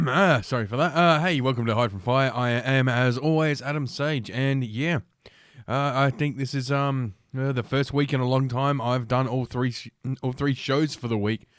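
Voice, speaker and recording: A man's voice: medium pitch, moderate pace, no room sound. Crude rambling male podcast host. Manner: crude, rambling, many fillers. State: drinking while talking. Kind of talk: casual solo podcast talk.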